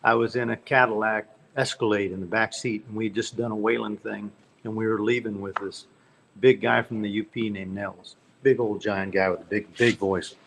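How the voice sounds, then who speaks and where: Gravelly-voiced songwriter guest, spins folksy yarns with lots of restarts. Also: male voice, on the low side, steady tone, normal speed, fairly bright tone, slight background noise. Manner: folksy, rambling anecdotes with repeated restarts. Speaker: guest, country singer-songwriter. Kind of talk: storytelling interview.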